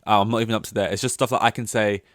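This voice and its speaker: Rambling young man, smooth voice. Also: fairly low pitch, fairly even intonation, racing, dry recording, clean studio sound. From London. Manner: rambling, self-deprecating, many fillers and restarts. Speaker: podcast host. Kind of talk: casual solo chat.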